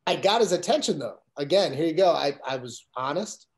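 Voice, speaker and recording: A man's voice: on the high side, expressive, fairly quick. A man telling a story in casual conversation, acting out quoted dialogue with lots of fillers. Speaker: guest telling his career story.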